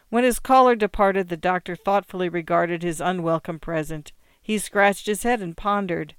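A narrator reading a classic short story aloud in a measured, expressive manner. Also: mid-range voice, smooth, dry recording.

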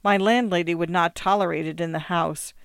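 A roguish comedian with a wry, put-upon manner, from a storybook reading by a narrator. Clear and smooth, with a dry sound. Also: mid-range voice, fairly even intonation, fairly quick, fairly bright tone, dry recording.

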